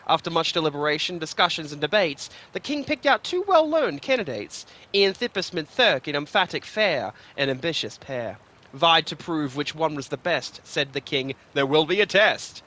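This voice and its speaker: Man, lore reader, expressive storyteller, bright, slightly high voice. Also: normal speed. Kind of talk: scripted fantasy story reading.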